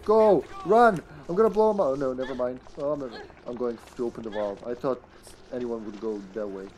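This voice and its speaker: A man streaming a video game live, chatting casually and playfully, breaking into excited shouts. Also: medium pitch, brisk, highs cut off, slight background noise. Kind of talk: live gameplay commentary.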